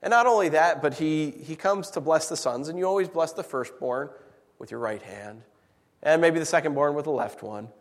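A man preaching a sermon as pastor, animated, acting out voices as he retells the scene. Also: fairly high pitch, moderate pace. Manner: animated, acts out voices in anecdotes. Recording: long hall reverb.

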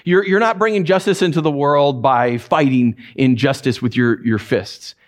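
A man preaches a conversational sermon as a pastor on a livestream, speaking at normal speed. He often restarts phrases and moves between emphatic peaks and quiet, low stresses.

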